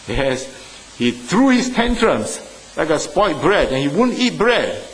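A man preaching a sermon, emphatic, swinging between loud stressed phrases and quiet asides. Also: on the high side, very animated, slow pace. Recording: faint noise and long hall reverb.

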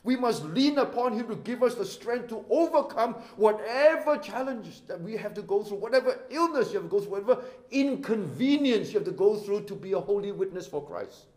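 A Singaporean man preaching a sermon as pastor, impassioned and swinging from hushed tones to loud emphasis. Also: high-pitched, animated, brisk, few pauses, reverberant. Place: church sanctuary.

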